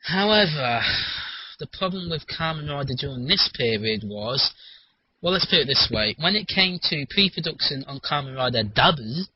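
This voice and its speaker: A man talking in a rambling, animated casual chat, swearing freely, on a muffled lo-fi recording. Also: on the high side, normal speed, slightly rough.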